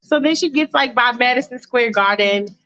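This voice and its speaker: A woman's voice: fairly high pitch, normal speed, fairly bright tone. A woman from New York, a podcast host telling a freestyle story in a chatty, sassy way with plenty of cursing. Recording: dull lo-fi dry recording.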